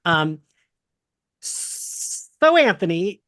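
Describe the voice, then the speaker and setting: Man, podcast host, casual chat, higher voice, rambling and animated. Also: very slow, dry recording, studio quality. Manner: rambling, filler-heavy, animated.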